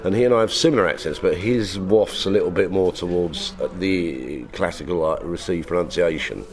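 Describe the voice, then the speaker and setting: A comedian with a South London accent chats casually as an interview guest, his voice sitting low and his pace moderate. He rambles and keeps restarting his sentences.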